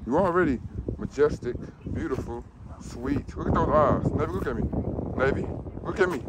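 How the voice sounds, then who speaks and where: A man's voice: a little high, lively intonation, normal speed. Man joking with his dog outdoors. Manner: playful, joking commands and praise to the dog. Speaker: dog owner and trainer vlogger. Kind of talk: casual vlog talking to his dog. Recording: outdoor noise, loud background.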